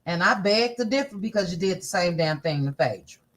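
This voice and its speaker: A woman's voice: on the low side, lively intonation, fairly quick, a bit bright. A woman hosting a casual celebrity gossip livestream, chatty and sassy, thinking aloud as she scrolls through posts. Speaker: gossip channel host.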